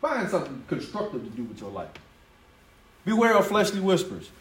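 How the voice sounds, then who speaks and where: A man preaching a conversational sermon, lively and quick to laugh, acting out the voices he quotes. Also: fairly high pitch. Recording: roomy echo from a distance, faint ambience.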